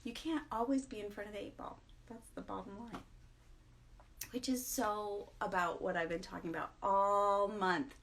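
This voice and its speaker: A woman's voice: medium pitch, fairly even intonation, moderate pace, fairly bright tone. A middle-aged woman hosting a casual morning vlog, tired, chatty and self-mocking, laughing often as she talks. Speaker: vlog host.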